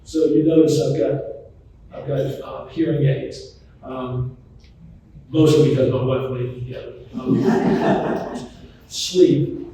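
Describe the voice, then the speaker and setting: A middle-aged man, a memory doctor giving a folksy, anecdotal talk to an audience, often pausing on ums. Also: mid-range voice, little pitch movement, warm tone, a little hiss or hum. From Charlotte, North Carolina. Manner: chatty, anecdotal, hesitant with many ums. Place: large echoey hall, voice from some distance. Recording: echoey hall, mic at a distance.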